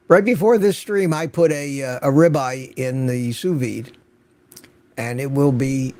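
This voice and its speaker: A man's voice: mid-range voice, creaky, a little mellow. An older man hosting an unscripted livestream, chatting casually and greeting viewers by name from the chat. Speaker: livestream host.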